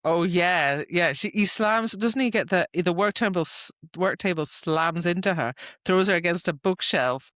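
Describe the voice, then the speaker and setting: Bright-toned woman recapping a novel. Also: lowish voice, no echo, studio quality. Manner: chatty, recaps the plot with quick agreement. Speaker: podcast co-host. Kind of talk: casual book discussion.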